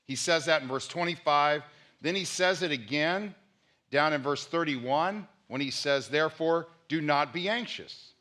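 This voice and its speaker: A man's voice: fairly high pitch, measured pace, pushed and bright. A man, a pastor, preaching a conversational sermon and repeating key points for emphasis.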